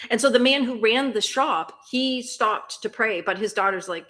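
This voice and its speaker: A chatty woman hosting a relaxed livestream, talking to her viewers in a slightly high voice. She laughs often and fires off curious questions as she reads their comments. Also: normal speed. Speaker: livestream host. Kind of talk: casual chat reading viewer comments.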